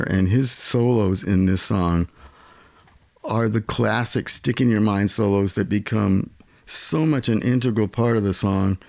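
A man's voice: fairly low pitch, creaky, a little mellow, no room sound. A man co-hosting a music podcast, explaining songs and guitar tones with enthusiasm. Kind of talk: casual music chat.

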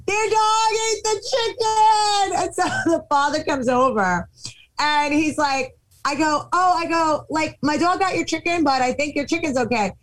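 A woman's voice: high-pitched, moderate pace, rough recording. A woman telling a funny anecdote in casual chat, acting out the voices of the people in it. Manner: animated, acts out quotes.

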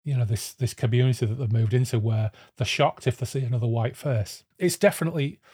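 A man's voice: medium pitch, fast, darkish tone, husky. A man talking over a book in a casual podcast, fluent and reflective with a wry edge. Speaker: podcast guest.

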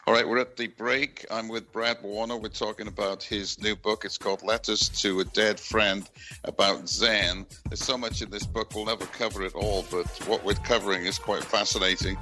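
A man hosting a radio interview, halting and reflective, with many fillers as he speaks. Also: fairly low pitch, steady tone, pushed and bright, faint music behind. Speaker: radio show host.

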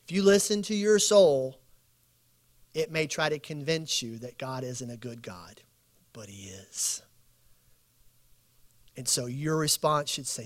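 A man gives a sermon at a midweek bible study, with a voice set a touch high for a man. He piles up short phrases in slow, weighty lists and acts out the people in his stories. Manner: preachy, animated storytelling with acted quotes. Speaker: pastor.

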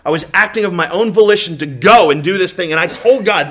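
A lively, high-voiced pastor preaching. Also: male voice, brisk. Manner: candid, self-mocking storytelling with acted-out quotes; talks directly to the congregation with asides. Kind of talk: sermon.

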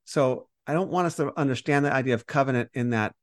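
A man's voice: medium pitch, quick pace, dry recording. Dry-sounding man explaining scripture. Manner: animated explainer, acts out quoted voices. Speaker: podcast co-host teaching on Romans. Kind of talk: conversational Bible teaching.

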